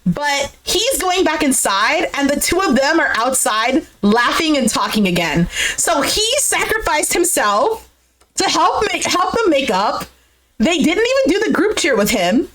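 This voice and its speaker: A young woman recaps a show in a bright, high voice that swings widely up and down. She talks casually and exclaims often, laughing along with her own story. A steady noise hangs behind her in the recording. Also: unhurried, low-quality recording. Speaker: recap streamer.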